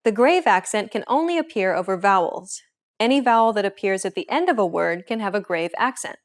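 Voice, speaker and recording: A woman hosting a language course, explaining points in clear, friendly scripted narration. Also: mid-range voice, lively intonation, fairly quick.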